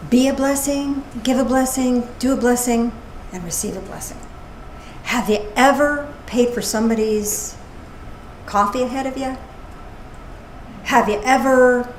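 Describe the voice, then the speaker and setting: A woman minister giving a casual, playful sermon with animated asides. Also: a little high. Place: church service. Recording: echoey room with faint noise.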